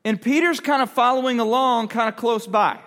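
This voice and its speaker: A youth pastor with a very high-pitched, slightly bright voice speaks at normal speed in a relaxed sermon, engaging the crowd with questions. Long hall reverb is audible on the recording.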